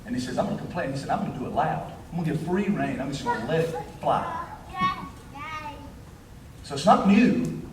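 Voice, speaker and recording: A man preaching a sermon as pastor, animated and joking, often repeating words as he starts a phrase. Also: a little high, a little fast, long pauses, over a noisy crowd. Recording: echoey hall, voice a bit distant.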